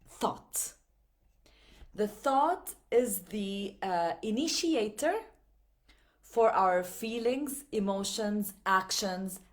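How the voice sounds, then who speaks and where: A woman hosting a self-help talk, speaking earnestly to her viewers, repeating phrases for emphasis and acting out inner voices. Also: mid-range voice. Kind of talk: motivational talk to camera.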